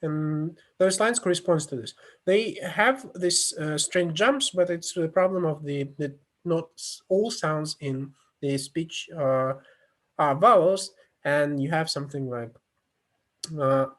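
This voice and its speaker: Slow-spoken male lecturer, halting delivery. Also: a little high, fairly bright tone. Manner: halting, many fillers and restarts, non-native phrasing. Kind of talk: online lecture with screen demo.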